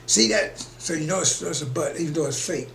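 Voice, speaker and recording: A man preaches in a slightly high, gravelly voice, rambling and emphatic as he chuckles between points. He is recorded in an echoey room with a faint hum behind him. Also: brisk, a bit bright. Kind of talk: preaching broadcast.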